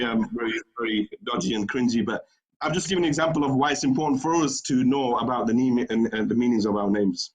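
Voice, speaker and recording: A man's voice: medium pitch, rough recording. A middle-aged man from the United Kingdom, a studio guest telling a rambling story and laughing easily. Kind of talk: casual studio chat.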